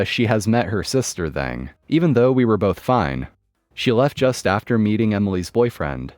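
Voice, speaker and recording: Low-voiced man narrating a story. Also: no room sound, clean studio sound. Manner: expressive storytelling. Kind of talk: reading a forum story aloud.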